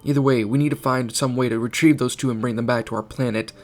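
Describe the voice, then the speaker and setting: A man's voice: mid-range voice, steady tone, fast talker, a little mellow, close to an everyday voice. A man voicing a serious British teenage boy leading a secret team.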